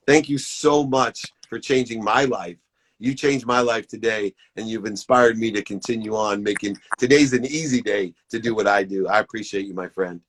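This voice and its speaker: A man hosting a live-stream motivational talk, earnest and emphatic, repeating his key phrases. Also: on the low side.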